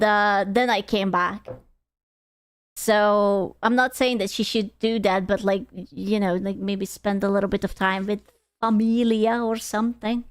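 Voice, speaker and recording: A woman's voice: fairly high pitch, clean tone. A young woman live-streaming, chatting casually in a rambling way, swearing freely and laughing often. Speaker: VTuber streamer.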